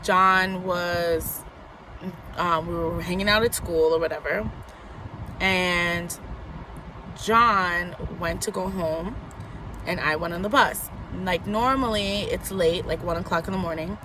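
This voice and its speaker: A woman's voice: on the low side, slow, noisy background. A young woman from New York vlogging a personal story in a casual, rambling way, full of likes and you knows.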